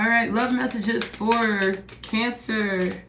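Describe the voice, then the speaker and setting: A woman's voice: medium pitch, fairly even intonation, slow, background noise. A woman giving a casual tarot reading, musing and thinking aloud as she turns over the cards. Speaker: tarot reader. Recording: echoey room.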